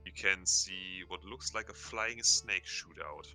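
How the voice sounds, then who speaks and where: A man runs a tabletop session as game master, his voice deep yet very bright. He narrates slowly and haltingly. Soft music plays behind him. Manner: halting, laughs often, restarts lines.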